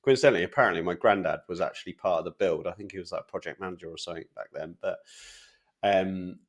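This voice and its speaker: A man's voice: sits low, fast. A man co-hosting a property podcast from England, telling rambling anecdotes with lots of fillers. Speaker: podcast co-host. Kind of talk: casual chat.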